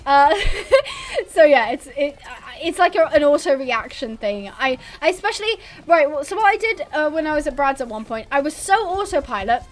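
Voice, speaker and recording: Hosting a laid-back livestream, a young woman chats aimlessly, reads out viewers' messages, and laughs frequently, speaking at normal speed. Her voice sits high with big pitch swings. She's British, born abroad on a military base.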